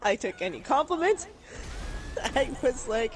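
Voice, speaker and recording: Slow-talking Canadian woman telling stories. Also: sits high, very animated. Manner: laughs often, swears freely. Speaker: streamer. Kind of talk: casual storytelling chat.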